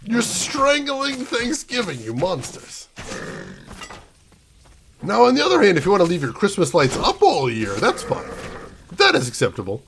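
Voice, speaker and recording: A man's voice: sits high, huge pitch swings, fast, gravelly, fairly bright tone, slight background noise. A young American man streaming a game, chatting casually and mock-ranting playfully at his chat. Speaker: gaming streamer. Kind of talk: casual gameplay commentary.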